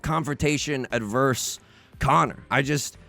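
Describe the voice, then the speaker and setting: A man's voice: mid-range voice, a little slow, gravelly, bright, forceful tone, faint music behind. A man hosting a let's play from his bedroom, chatting casually and self-deprecatingly while he plays, often talking back to himself. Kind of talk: casual gaming commentary. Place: home bedroom.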